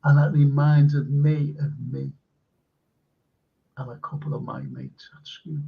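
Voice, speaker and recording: A man's voice: fairly high pitch, big pitch swings, a little slow, vocal fry. A man hosting a live stream, reading viewer comments aloud and chatting casually with fillers. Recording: dull lo-fi stream audio.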